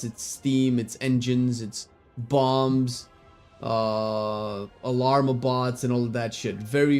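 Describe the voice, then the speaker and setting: With a mid-range voice, this man streams games and talks in a loose, rambling, excitable way, cursing casually and erupting into abrupt shouts.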